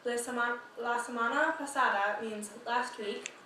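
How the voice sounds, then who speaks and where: A woman's voice: a little high, steady tone, moderate pace, bright, forceful tone. Teen girl listing phrases and meanings, lots of echo, faint hum behind. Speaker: student presenter. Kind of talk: reading a grammar lesson. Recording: very echoey room, mic at a distance.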